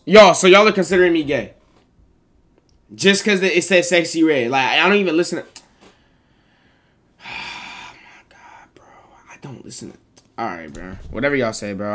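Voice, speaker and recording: A young man streaming live, reacting in a casual, rambling way, protesting over and over with excitable energy. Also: fairly high pitch.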